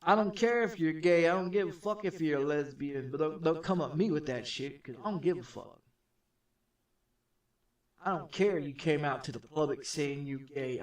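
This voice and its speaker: High-voiced man, roomy and far off. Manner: profane, repetitive, rambling; grows loud and heated. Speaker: game streamer. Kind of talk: casual rambling storytelling on stream. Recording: echoey room, distant from the mic.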